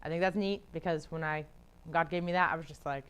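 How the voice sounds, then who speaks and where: A chatty woman teaching a casual Bible study, with a voice a little lower than most women's. She talks in loose, friendly runs, laughs often and fills her talk with "like". She slips into quick voices for the people in her stories. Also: expressive. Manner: acts out quoted people in talk.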